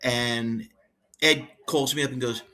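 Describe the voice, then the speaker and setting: A man, a guest on a podcast, telling backstage stories in an animated, laughing way and acting out what people said. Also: mid-range voice, measured pace. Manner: lively, laughing, acts out quotes. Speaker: guest, former head of wrestling security.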